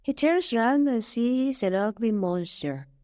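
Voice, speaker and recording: A woman narrates a storybook for English learners, slow and clear. Her fairly high voice moves a lot in pitch, and the sound is dry and close. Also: no room sound. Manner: slow, clear, expressive reading.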